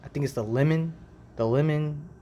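A man from Ohio hosting a casual faith podcast, talking in a rambling, relaxed way full of slang, recorded on a decent mic in a makeshift home setup. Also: a little high, normal speed. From Ohio, USA. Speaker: podcast host.

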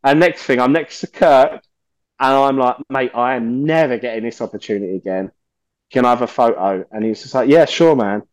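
A man, a podcast guest telling stories in a lively, swearing way and acting out the voices of people he quotes. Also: medium pitch, fairly quick, no echo. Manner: animated, swears often, acts out quoted voices. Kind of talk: casual storytelling interview.

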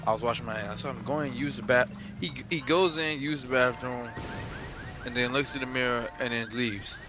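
A man telling a story in a casual podcast chat, animated and swearing. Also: mid-range voice, fairly quick, noisy background. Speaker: podcast co-host.

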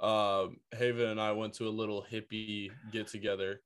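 A man's voice: lowish voice, flat delivery, normal speed, fairly bright tone, clear, resonant tone. A young man telling a work story in a casual podcast chat, rambling and full of filler words. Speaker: podcast co-host.

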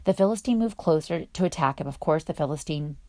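Chatty woman teaching the Bible, mellow voice. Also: sits low, animated, a little fast, dry recording, studio quality. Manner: chatty, filler-heavy, enthusiastic. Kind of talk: casual devotional teaching.

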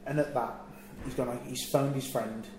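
A man's voice: mid-range voice, moderate pace. A man recounts a trip gone wrong, slipping into the voices of the people in the story. His voice sits in a middle register. The room is echoey, with a faint hum of ambience behind him. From England. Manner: animated storyteller, acts out quotes. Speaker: wrestler telling a road story. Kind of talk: casual anecdote.

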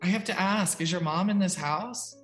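A young man delivers a casual psychic reading in a chatty, rambling way, leaning on "like" at every turn. His voice sits a little high and sounds bright and forceful. Faint music plays in the background. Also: moderate pace. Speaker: psychic medium giving a reading. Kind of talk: casual spoken reading on a video call.

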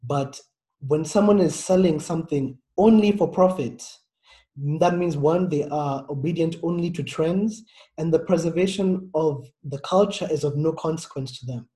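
Earnest African man, warm low tone. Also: moderate pace. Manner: earnest, reflective, many fillers. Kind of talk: casual discussion.

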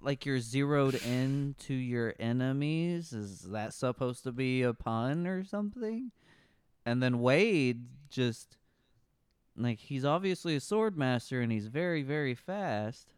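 Guy on a movie podcast, sarcastic and swearing, clear smooth voice. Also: medium pitch, lively intonation, measured pace, no echo, studio quality. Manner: sarcastic, profane, laughs often. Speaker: podcast co-host. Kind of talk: casual movie review chat.

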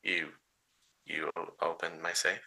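A man's voice: deep voice, level tone, a little slow, creaky, pushed and bright, voice pushed down, full character voice, poor audio. A man voicing a nervous, shaky-voiced man on the phone who stammers and hesitates.

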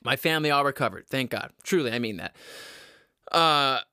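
Foul-mouthed ranting man, bright and dry. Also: medium pitch, lively intonation, normal speed, smooth, dry recording. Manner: profane, exasperated ranting with self-mocking laughs. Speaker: podcast host. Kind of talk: casual ranting monologue. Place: basement at home.

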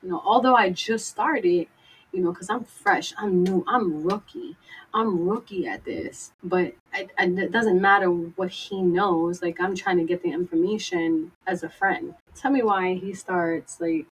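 A woman's voice: lowish voice, measured pace, a little hiss or hum, poor audio. A young woman telling a personal story in a casual, rambling way, full of "like" and "you know," swearing freely and voicing her own past thoughts.

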